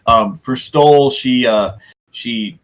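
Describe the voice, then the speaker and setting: A man narrating as game master of a tabletop game, halting often and restarting his sentences. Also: mid-range voice, rough recording.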